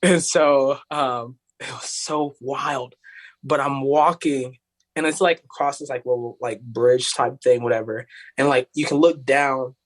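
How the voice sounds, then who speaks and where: A man's voice: mid-range voice, fairly even intonation, unhurried. A young man from Tennessee, telling a story in a rambling, casual way, full of "like". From Tennessee, USA. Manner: rambling, heavy use of "like", acts out voices of others. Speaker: podcast guest, singer.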